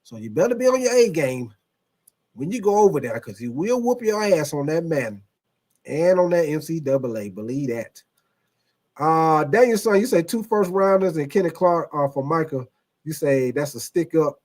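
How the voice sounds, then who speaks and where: A man hosts a casual sports livestream and talks in a loose, slangy, animated way. His voice sits a little higher than most men's. He keeps the chat going as he reads out viewer comments. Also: moderate pace. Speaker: host.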